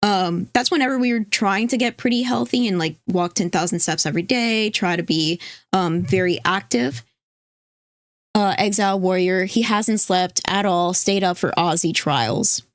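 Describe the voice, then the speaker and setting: A woman's voice: mid-range voice, moderate pace, no room sound, studio quality. Rambling woman chatting on a livestream. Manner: rambling, reads chat aloud, swears casually. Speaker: stream co-host. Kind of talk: casual livestream chat.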